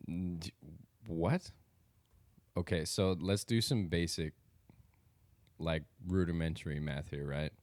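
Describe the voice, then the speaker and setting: A man's voice: low voice, fairly even intonation, slow pace, long pauses, darkish tone, no echo. A man co-hosting a podcast in casual chat, teasing and sarcastic with his partner. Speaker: podcast co-host.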